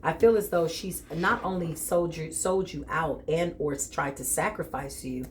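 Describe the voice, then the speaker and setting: A woman's voice: low voice, normal speed, noisy background. A woman giving a spiritual tarot reading, speaking bluntly and emphatically straight to the viewer. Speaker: tarot reader.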